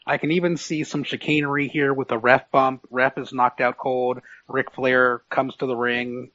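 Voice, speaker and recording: A man's voice: mid-range voice, little pitch movement, normal speed, a bit bright. A man giving his picks on a casual wrestling podcast, opinionated, with stumbling restarts. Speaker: podcast panelist. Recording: dull lo-fi sound.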